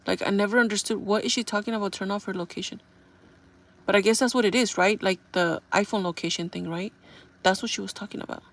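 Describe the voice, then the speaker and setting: A chatty young woman vlogger rambles through a casual story, speaking fast with a medium, steady voice and leaning heavily on fillers, especially "like."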